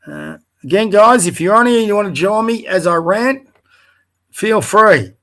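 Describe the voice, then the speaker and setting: A man's voice: sits high, animated, normal speed, gravelly, fairly bright tone. Profane Australian man ranting live. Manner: blunt, profane, scornful asides. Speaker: livestream host. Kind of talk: angry live rant reading social media posts.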